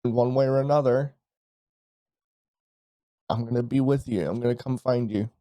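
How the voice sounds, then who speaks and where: A heartbroken father in a tabletop game, softly reassuring his son, as a man plays him. The voice is mellow and warm. It is recorded dry, close to the mic. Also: medium pitch, steady tone, moderate pace, dry recording, natural voice. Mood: consoling. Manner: soft, comforting speech. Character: grieving father, soft and consoling.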